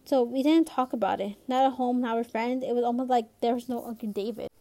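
Woman, fairly high voice, casual novel reading, restarts and asides. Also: a little fast, mellow. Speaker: reader.

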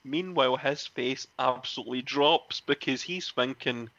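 A man's voice: medium pitch, moderate pace, dry recording, muffled recording. Man telling laughing anecdotes. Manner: animated, laughs often, acts out quoted voices. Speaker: former wrestling referee telling stories. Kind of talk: casual storytelling interview.

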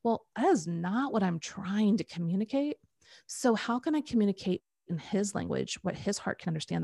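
A middle-aged woman coaching on the Enneagram, telling animated personal stories and acting out what people said. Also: mid-range voice, brisk, vocal fry, dry recording, studio quality. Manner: animated storytelling, acts out quoted voices. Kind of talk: conversational podcast talk.

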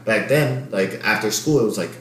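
Slangy young man telling a story, low voice. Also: normal speed. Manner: slangy, profane, animated storytelling. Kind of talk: casual storytelling chat. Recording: echoey room.

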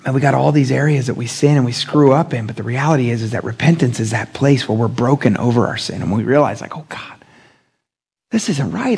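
A young adult man preaching a casual midweek sermon, talking in an animated, conversational way with slang and acting out the voices he quotes. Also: medium pitch, a little fast, creaky, slightly rough. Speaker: pastor.

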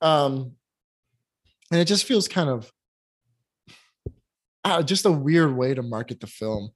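A man's voice: mid-range voice, expressive, slow, slightly rough. Chatty man giving blunt film opinions. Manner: hesitant, many fillers and restarts, candid critical opinions. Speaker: podcast co-host reviewing films. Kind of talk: casual chat.

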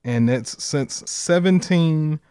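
A man's voice: fairly high pitch, takes it slowly, mellow, smooth, no room sound, studio quality. A man co-hosting a podcast in casual chat, blunt and profane, reading out facts. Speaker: podcast co-host.

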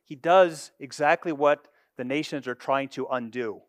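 A man preaching a sermon, with expressive delivery that moves from loud emphasis to hushed asides. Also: medium pitch, unhurried, dry recording, studio quality. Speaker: pastor.

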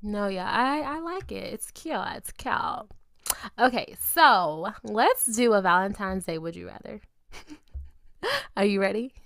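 A woman's voice: mid-range voice, very animated, unhurried, creaky, fairly bright tone, dry recording, clean studio sound. A young adult woman co-hosting a podcast in casual chat, playful and slangy, laughing often. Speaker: podcast co-host.

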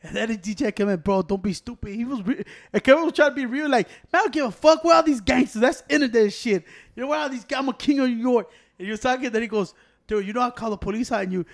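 A man chatting casually on a podcast, telling animated stories with loud acted-out quotes and lots of laughter. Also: extremely high pitch, quick pace. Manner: animated storytelling, acts out quotes loudly; swears a lot, laughs often. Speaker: podcast co-host. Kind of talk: casual chat.

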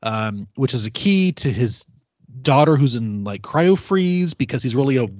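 A man's voice: mid-range voice, moderate pace, no room sound. A man hosting a casual podcast chat, swearing freely and joking as he recaps an episode. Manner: profane, animated, jokey. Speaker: podcast host. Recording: dull lo-fi podcast audio.

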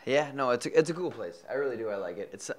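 A young man chats casually as a podcast co-host. He jokes a lot and piles on exaggerated gripes with mild swearing. His voice sits at an ordinary middle pitch. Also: animated, fast. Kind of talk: casual chat between roommates.

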